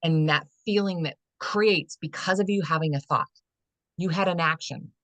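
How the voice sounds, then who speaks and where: A woman with a notably low speaking voice explains her coaching ideas in an earnest, meandering way, full of "you know" and restarts. She is a guest in a relaxed podcast conversation. The sound is dry and close, with no room around it. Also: normal speed, no echo. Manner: rambling and earnest, many "you know" fillers, acts out inner dialogue. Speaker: holistic fitness and life coach, guest.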